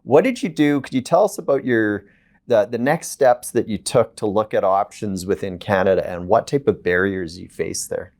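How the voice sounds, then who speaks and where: A man's voice: lowish voice, darkish tone. Man hosting a television interview. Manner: measured questions with frequent restarts. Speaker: host.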